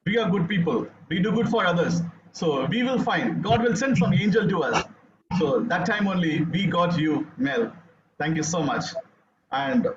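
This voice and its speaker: An Indian English-speaking man with a high voice urges his listeners on with earnest, halting conviction. He speaks over a video call that sounds echoey and dull, with faint noise behind him. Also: fairly bright tone. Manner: earnest, halting with fillers, rousing. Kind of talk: motivational testimonial.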